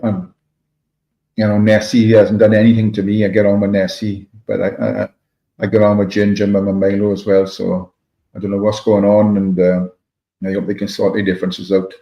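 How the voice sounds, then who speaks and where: With a mellow, fairly low voice delivered completely flat at normal speed, a man with a Welsh accent reads his livestream chat, rambling and greeting people by name. Audio is dull and lo-fi, with room echo.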